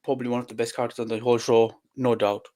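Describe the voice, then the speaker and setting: Fast-talking enthusiastic young man. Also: medium pitch, flat delivery, dark tone. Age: young adult. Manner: enthusiastic, says "bro" often. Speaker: podcast co-host. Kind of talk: casual chat.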